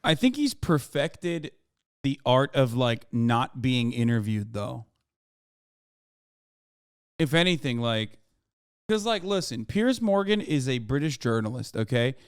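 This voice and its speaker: A man's voice: mid-range voice, very animated, measured pace, long pauses, clean tone, dry recording, studio quality. A male streamer host giving blunt, profane reaction commentary in a casual, riffing way.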